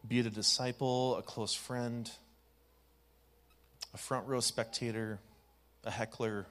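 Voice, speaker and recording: A man, a pastor, leading a congregation through a gentle guided meditation with easy fillers. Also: medium pitch, steady tone, measured pace. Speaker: youth pastor.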